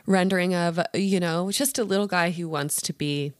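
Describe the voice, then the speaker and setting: Deep-voiced deadpan woman host. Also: moderate pace, clear, resonant tone, dry recording. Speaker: podcast co-host. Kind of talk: improvised comedy chat.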